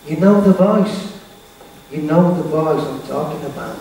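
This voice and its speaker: Man, motivational speaker, emphatic, high voice, slow delivery, echoey hall from far off. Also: mellow, a little hiss or hum. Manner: emphatic, repetitive, addresses audience directly. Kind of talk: motivational keynote speech. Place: large hall with teenage audience.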